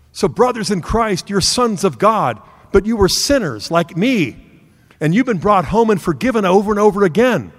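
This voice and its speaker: A middle-aged man preaches to a room in an earnest, storytelling way, acting out bits of family dialogue. His voice sits a little high for a man. Long reverb from the hall trails after each phrase. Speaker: speaker giving a talk. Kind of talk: sermon-style talk with personal story.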